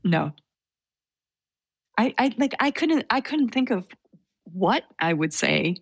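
A woman's voice: medium pitch, sing-song, slow, husky, no room sound. A woman, introverted and hesitant, telling a personal story with many fillers. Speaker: interviewee. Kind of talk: casual storytelling.

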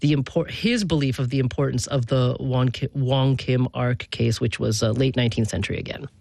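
A host interviewing a guest, asking questions in a quick, animated way that often breaks off and restarts. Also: mid-range voice, gravelly, no room sound. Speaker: radio show host.

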